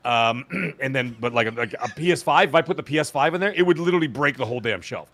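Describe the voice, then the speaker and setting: A man's voice: medium pitch, lively intonation, quick pace, fairly bright tone. A man co-hosting a gaming podcast, chatting casually, rambling with fillers and laughter. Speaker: podcast co-host. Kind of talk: casual chat.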